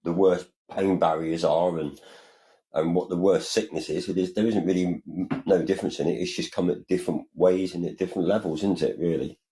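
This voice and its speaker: Deep-voiced man chatting earnestly. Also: fairly even intonation, brisk, mellow, poor audio. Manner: earnest, rambling, often says "you know" and "like". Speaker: podcast co-host. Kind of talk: casual chat.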